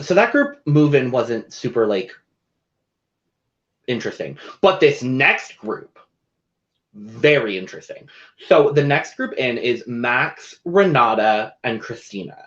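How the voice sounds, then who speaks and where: Chatty lively-voiced male co-host. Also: medium pitch, slow. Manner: chatty, animated recapping with playful asides. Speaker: podcast co-host. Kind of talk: casual chat. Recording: dull lo-fi audio.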